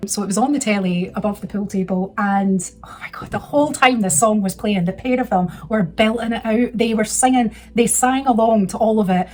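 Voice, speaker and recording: A woman in her thirties chats through a personal story, rambling and restarting, getting emotional as she goes. Her voice sits at an ordinary middle pitch. Faint music plays in the background. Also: brisk, few pauses, darkish tone. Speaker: vlogger. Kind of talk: casual storytelling.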